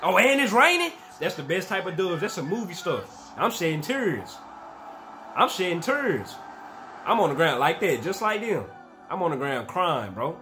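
A young man in his twenties hosting a reaction video, talking in casual slang and bursting into shouts and laughs at the highlights. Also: very animated, normal speed, soft background music.

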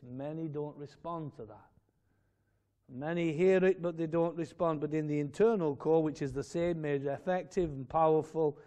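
A man preaching a fervent sermon in a church, swelling to loud emphatic peaks and dropping to quiet asides. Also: fairly high pitch. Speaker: pastor.

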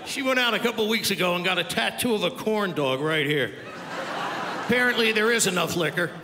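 Brisk and expressive, with a voice that sits high, an older comedian works the crowd on a live club stage, trading crude, brash banter with the audience. Loud crowd noise fills the roomy recording.

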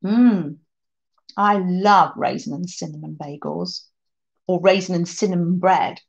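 A woman's voice: mid-range voice, a little mellow, muffled recording. A woman hosting a craft livestream, chatting casually, reading out viewer comments and laughing often.

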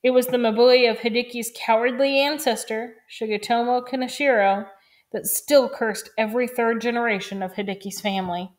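A woman reading a novel aloud in a calm, even, measured way. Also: a little high. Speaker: reader.

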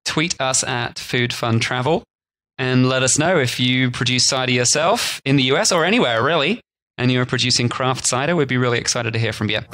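A man's voice: medium pitch, fairly quick, pushed and bright. Joking male podcast co-host. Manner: jokey, rambling, breaks into silly voices. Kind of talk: casual chat.

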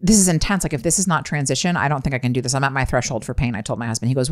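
A woman in her thirties telling a story on a casual podcast, animated and profane, acting out the dialogue. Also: rumbling low, racing. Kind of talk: casual chat.

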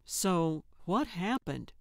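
A woman reading the part of an easygoing, helpful male friend in an audiobook, kindly and unhurried in manner. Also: fairly low pitch, big pitch swings, gravelly, no echo, studio quality, full character voice. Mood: friendly.

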